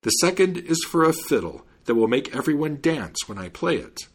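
A man's voice: on the high side, sing-song, moderate pace, slightly rough, pitched above the performer's own voice, heavily acted. A man voicing a brash, mischievous young male servant. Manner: brash and mocking.

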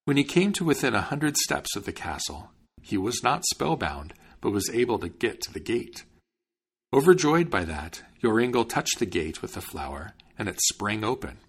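A man reading a fairy tale aloud as a storyteller, in a measured, expressive manner. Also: on the low side, slightly rough. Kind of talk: storybook narration.

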